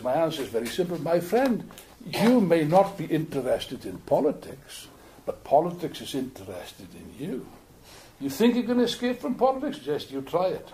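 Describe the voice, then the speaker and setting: Lively high-pitched Welsh man speechifying. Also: moderate pace, slight background noise. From Wales. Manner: animated, jokey, repeats words while building points. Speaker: political speaker. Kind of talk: public speech to an audience. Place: meeting room with an audience.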